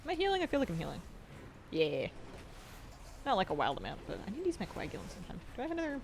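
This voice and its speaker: A woman's voice: mid-range voice, wildly swooping pitch, rapid-fire, gravelly, noisy background. A young woman streaming a game, chatting playfully and rambling with self-deprecating jokes and frequent laughs. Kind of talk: casual stream chat.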